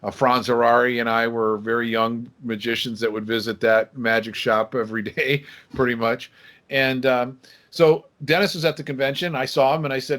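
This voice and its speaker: Casting: man, sixties, podcast guest recounting his youth; plain mid-pitched voice, chatty and anecdotal, acts out the quotes. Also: moderate pace. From Michigan, USA. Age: 60s. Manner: lively storyteller who acts out quoted dialogue. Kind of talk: casual interview storytelling.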